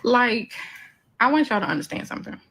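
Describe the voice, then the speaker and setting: A woman's voice: a little high, big pitch swings, brisk, gravelly, fairly bright tone, slightly rough, poor audio. A woman giving an emphatic opinion monologue, making numbered points in blunt, profane slang. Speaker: commentator.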